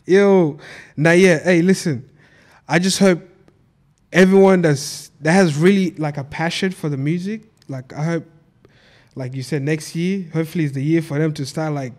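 A man's voice: a little high, normal speed. A young man with an Australian accent, a guest in a casual podcast conversation, speaking in laid-back slang full of fillers like "you get what I mean".

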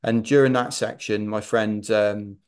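A middle-aged man, a podcast guest, telling a running anecdote with animated self-deprecating humour. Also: on the low side, measured pace, clean tone. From Wales. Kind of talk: anecdotal storytelling.

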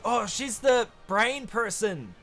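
A young man streaming live, reacting to clips in casual chat, excitable and openly emotional, swearing freely. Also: high voice, slow, faint music behind.

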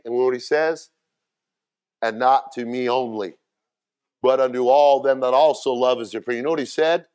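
A male pastor preaching a folksy sermon with cowboy talk. He moves from low, quiet lines to loud shouting. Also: expressive, normal speed.

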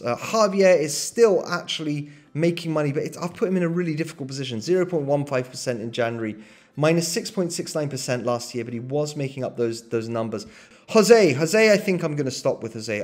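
A man vlogging about his investments in a casual, think-aloud way, hesitant and second-guessing himself. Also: on the high side. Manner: thinking aloud, hesitant, full of ums and self-doubt. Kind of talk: casual screen-share commentary.

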